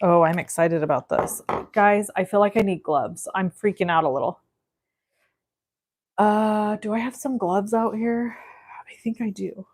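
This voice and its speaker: A woman in her forties hosts a live crafting session from her home craft room. She talks to her viewers in an easy, chatty way and takes her time, letting her words come slowly. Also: mid-range voice, darkish tone. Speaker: card-making host.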